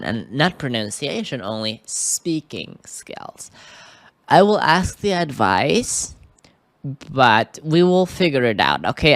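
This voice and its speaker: Recording indoors at his computer mic, a man teaches English in a screen-recorded tutorial. His voice is medium in pitch, the recording dry, and his delivery hesitant, peppered with "okay?" check-ins.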